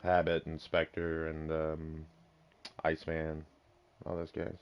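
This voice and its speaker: A man with a very low voice hosts a casual podcast chat. He asks his questions haltingly, full of ums and restarts. His voice comes through dull, lo-fi voice-chat audio. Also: completely flat delivery, clear, resonant tone. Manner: hesitant, many ums and restarts.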